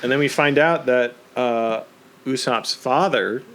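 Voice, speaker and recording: A man co-hosting a casual podcast, relaxed and agreeable, with quick asides. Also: mid-range voice. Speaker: podcast co-host. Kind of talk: casual chat.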